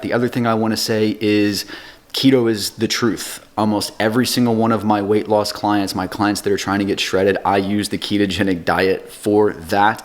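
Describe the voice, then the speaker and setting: A man in his thirties, a fitness coach, talking casually to camera with relaxed fillers. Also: on the low side. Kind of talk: casual vlog chat.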